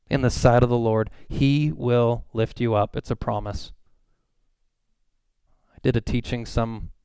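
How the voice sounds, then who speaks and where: A man preaching a sermon in a conversational way, reading scripture verses slowly and acting out the people he quotes. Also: medium pitch, a little mellow, clean tone, dry recording. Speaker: pastor.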